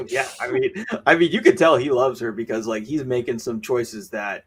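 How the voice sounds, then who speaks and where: A man's voice: mid-range voice, normal speed, slight background noise. A man co-hosting a podcast, recapping movie scenes in casual chat with lots of fillers and restarts. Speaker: podcast co-host. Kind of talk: casual film review chat.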